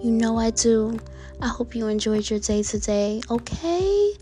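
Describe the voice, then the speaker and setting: A woman's voice: a little high, lively intonation, dark tone, faint music behind. A woman reading out affirmation cards in a casual, playful vlog, drawing words out and dropping into whispered asides. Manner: playful, drawn-out delivery that drops into whispers. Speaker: affirmation card reader.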